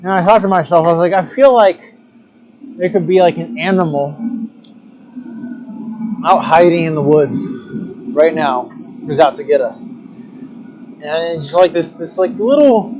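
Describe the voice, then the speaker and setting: A man's voice: a little high, unhurried, long pauses, darkish tone, lo-fi sound, a little hiss or hum. A man teaching glassblowing, chatting casually and musing philosophically as he works. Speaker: glassblowing instructor. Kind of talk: casual livestream chat while working.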